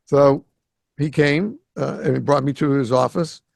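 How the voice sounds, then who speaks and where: A man's voice: medium pitch, measured pace, creaky, no echo. A man from the Greater Boston area hosting a podcast, telling a story and acting out the quoted dialogue. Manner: animated storyteller who acts out quoted dialogue. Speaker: podcast host. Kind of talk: casual storytelling conversation. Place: home in South Florida.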